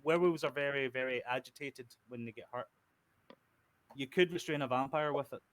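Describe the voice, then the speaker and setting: Man as an easygoing game master, narrating with fillers and pauses. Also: medium pitch. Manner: relaxed, halting narration with fillers.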